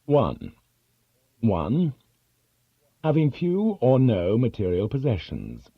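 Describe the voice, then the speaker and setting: A man narrating an audiobook, reading a dictionary entry in a measured, careful way. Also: mid-range voice, wildly swooping pitch, breathy edge, dry recording. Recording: dull lo-fi recording.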